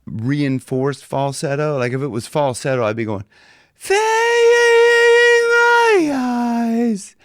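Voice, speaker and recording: A man teaching singing in a loose, chatty way, slipping into high demonstration voices. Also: dry recording, clean studio sound. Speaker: vocal coach. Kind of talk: casual singing lesson.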